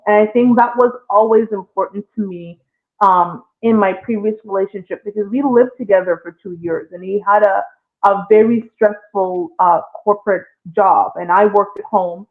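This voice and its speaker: A woman hosting a casual relationship talk show, speaking expressively and addressing the listeners directly. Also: medium pitch. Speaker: host. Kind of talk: casual podcast discussion. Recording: tinny phone-like sound.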